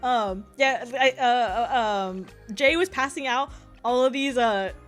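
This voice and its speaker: Fast-talking giggly young woman streamer. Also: fairly high pitch, fairly bright tone, faint music behind. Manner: fast, rambling, giggly, lots of filler. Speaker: VTuber streamer. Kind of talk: casual chat stream.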